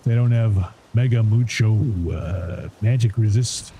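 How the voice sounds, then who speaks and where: A man's voice: fairly low pitch, unhurried, warm tone, slight background noise. A man streaming a game live, chatting casually in a rambling way, swearing and laughing often. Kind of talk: casual live gameplay chat.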